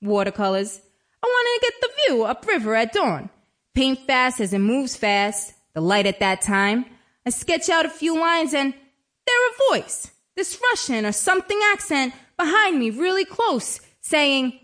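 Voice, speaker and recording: A woman's voice: sits high, sing-song, normal speed, fairly bright tone. A woman telling a story in a chatty, wry, conversational way. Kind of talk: dramatic storytelling monologue.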